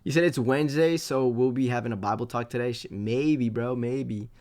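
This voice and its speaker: Reading out chat comments on his live stream, a medium-pitched man reacts at a normal speed in a loose, animated style, cursing a lot.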